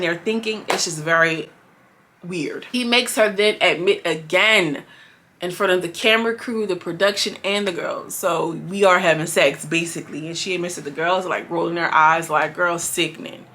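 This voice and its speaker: Young woman vlogger, bright edge to the voice, blunt and profane, exasperated recap talk. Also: mid-range voice, a little hiss or hum. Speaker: reality show recap vlogger. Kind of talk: casual commentary.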